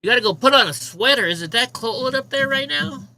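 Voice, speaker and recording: A man's voice: very high voice, lively intonation, brisk, gravelly, sharp tone, dry recording, rough recording. A man hosting a casual livestream, ranting with profanity and mocking remarks while he talks to his chat. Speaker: livestream host.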